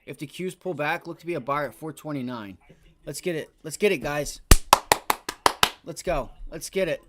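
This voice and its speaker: A man's voice: a little high, expressive, normal speed, very noisy. A man hosting a live day trading stream, giving casual, coaching market commentary and swearing freely. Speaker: day trading livestream host. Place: home trading office.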